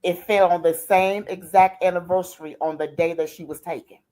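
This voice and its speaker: A woman's voice: lowish voice, fairly even intonation, a little fast, darkish tone. An older woman, a grandmother, telling her life story in a streamed interview, heartfelt and colloquial, often repeating "I said" and "she said". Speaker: guest.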